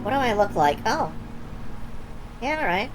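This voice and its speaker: A woman's voice: a little high, sing-song, normal speed, over music. A woman streamer giving casual live commentary while playing a game demo, wry and enthusiastic, swearing freely and thinking aloud.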